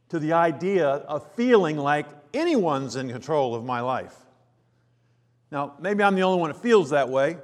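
Conversational pastor in an echoing church. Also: male voice, fairly high pitch. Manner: conversational, asks the congregation questions, acts out quoted chatter. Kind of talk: sermon. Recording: long reverb of a church hall.

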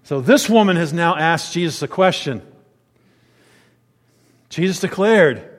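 A man preaching a sermon, swinging between quiet, low asides and loud, emphatic declarations. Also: expressive, a little slow, pauses often, in a large hall.

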